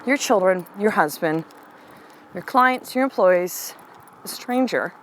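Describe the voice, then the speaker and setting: Poor audio with a little hiss or hum captures a middle-aged woman with a mid-range voice. A coach and podcast host, she tells a personal story candidly and animatedly before shifting to soft, slow affirmations.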